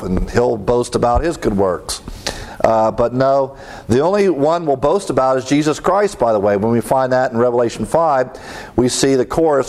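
A middle-aged man teaches in a sermon style with an earnest, emphatic delivery. His voice sits at an ordinary middle pitch, and he drives home each point by repeating it. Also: lively intonation, moderate pace, darkish tone. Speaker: preacher teaching a class.

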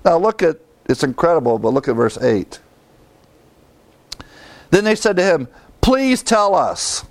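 A man's voice: medium pitch, a little mellow, dry recording. A man preaching a sermon as pastor, in a conversational way, acting out the lines of the people he quotes.

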